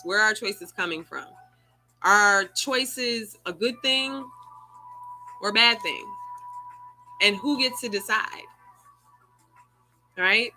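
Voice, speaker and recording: A woman's voice: medium pitch, bright, forceful tone. A woman hosting an online circle, telling a personal story in an earnest, conversational way over a video call. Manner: earnest, conversational, rising emotion. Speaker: circle host.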